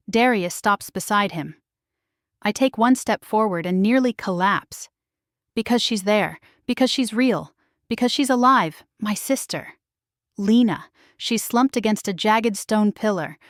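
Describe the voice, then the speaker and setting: A woman narrates a first-person romance story slowly and dramatically, in a middle register. The voice is recorded dry and close, with nothing behind it. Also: mid-range voice, dry recording.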